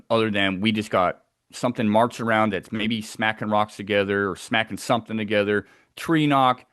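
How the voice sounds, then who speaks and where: A man with a somewhat low voice tells a tense first-person account of a wilderness encounter, acting out sounds as he goes. The recording is dry and close, with no room around him. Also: a bit bright, no echo. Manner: tense, vivid storytelling that acts out sounds. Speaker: eyewitness telling of a wilderness encounter.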